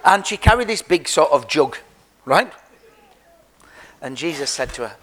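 A man's voice: a little high, very animated, a little slow, fairly bright tone, slight background noise. An Englishman telling a Bible story to children in a jokey, chatty way, talking straight to them. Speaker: preacher giving a children's talk.

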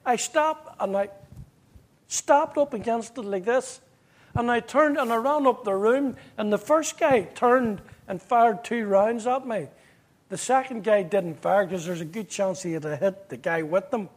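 A man with a Northern Irish accent giving an earnest personal testimony, telling his story vividly and acting out the dialogue. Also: high voice. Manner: earnest, at times emotional.

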